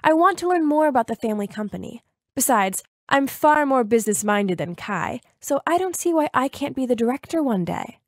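A woman's voice: sits high, animated, brisk, no echo, studio quality. A woman voicing a scheming, bratty teenage half-sister in a sugary, wheedling way.

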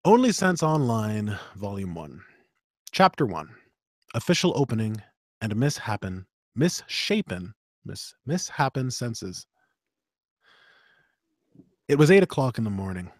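A man's voice: lowish voice, very animated, a little slow, pauses often, dry recording, clean studio sound. Easygoing man audiobook narrator. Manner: easygoing and agreeable. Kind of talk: casual chat, then reading narration.

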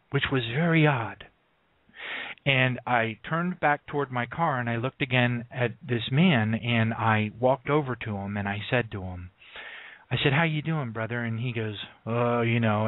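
A man's voice: medium pitch, dry recording. Devout man on a tinny phone-line broadcast. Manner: rambling, devout, exclaims praise often. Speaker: radio show host. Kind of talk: casual storytelling on a Christian radio show. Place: at home. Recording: dry, phone-like narrow sound.

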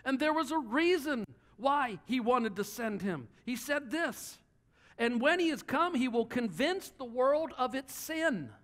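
A pastor preaching a sermon from a church platform, animated and joking, acting out little dialogues for his congregation. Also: extremely high pitch, a little slow.

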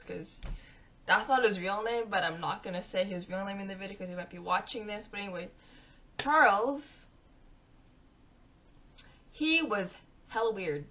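A young woman vlogging a storytime, chatty and animated, acting out what her friends said. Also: medium pitch, a little hiss or hum. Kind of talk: storytime vlog.

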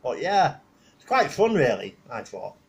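Husky middle-aged man rambling. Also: medium pitch, big pitch swings, measured pace, dull audio. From northwest England. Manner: rambling, full of "you know" and "uh", laughs at his own stories. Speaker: vlogger. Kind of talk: casual rambling reminiscence.

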